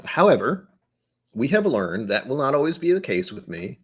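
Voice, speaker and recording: A man's voice: medium pitch, very animated, moderate pace, husky. A man hosting a casual whiskey tasting livestream, thinking aloud and correcting himself as he goes.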